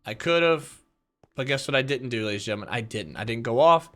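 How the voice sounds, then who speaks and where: A young man vlogging casually, retelling a workplace clash to his viewers in an animated, repetitive way and addressing them directly. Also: medium pitch, brisk. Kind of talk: casual storytelling to camera.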